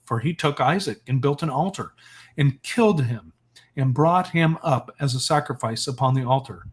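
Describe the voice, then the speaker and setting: A sly tempter disguised as a meek old man spins a false tale in archaic speech, read by a man. The man keeps his everyday mid-pitched voice for the part. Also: moderate pace, breathy edge, natural voice. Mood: deceitful.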